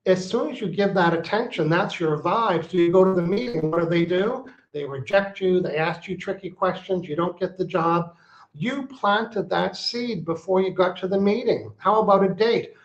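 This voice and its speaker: A man's voice: sits high, normal speed. A man speaking as an interview guest, teaching with emphasis and repeating his key phrases like a coach. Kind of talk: interview conversation. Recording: roomy, dull lo-fi sound.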